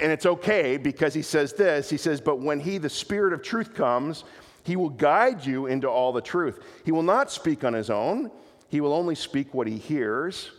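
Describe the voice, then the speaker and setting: A male pastor delivers a sermon in an earnest, animated way, repeating words as he restarts his phrases. His voice sits fairly high. Long reverb from the hall trails each phrase.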